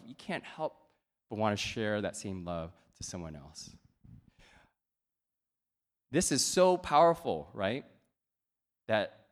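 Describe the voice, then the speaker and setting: A man preaching a sermon in a conversational way, often checking in with "right?" and pausing on fillers. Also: fairly low pitch. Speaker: pastor.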